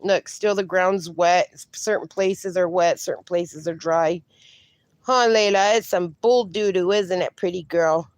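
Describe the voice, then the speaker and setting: A woman's voice: fairly low pitch, a little slow, no echo. A woman hosting a casual livestream, reading viewer comments aloud and cooing at her dogs, a little sniffly from allergies. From USA. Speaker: livestream host.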